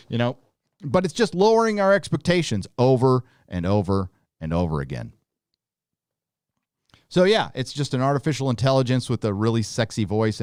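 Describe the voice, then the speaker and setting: A man's voice: fairly low pitch, a little mellow, no room sound, studio quality. A man hosting a live review show, talking casually in a sarcastic, mocking way with plenty of laughs and fillers.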